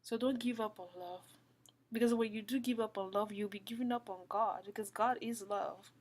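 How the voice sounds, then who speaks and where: A woman giving a heartfelt devotional talk, earnest and repetitive, often falling to a soft whisper. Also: a little high, fairly even intonation, normal speed. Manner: earnest, repeats phrases, drops to soft whispers. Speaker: Christian speaker.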